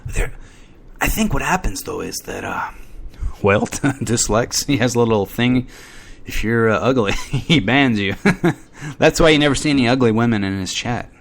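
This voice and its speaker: Gossipy internet radio man, lively pitch. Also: moderate pace. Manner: irreverent, gossipy, mock-dramatic asides. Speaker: internet radio show host. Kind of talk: casual rambling monologue. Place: at home during a thunderstorm.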